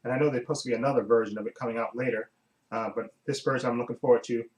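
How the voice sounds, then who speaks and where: A man's voice: mid-range voice, steady tone, racing, rough recording. A man talking casually through a countdown of upcoming movies, rambling with many fillers and restarts. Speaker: vlogger.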